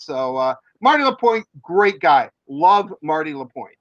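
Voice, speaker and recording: A man's voice: on the high side, sing-song, a little slow, few pauses, a bit bright, no echo, highs cut off. A man, a sports reporter, telling a long story in a rambling way with many fillers and restarts. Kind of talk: casual storytelling.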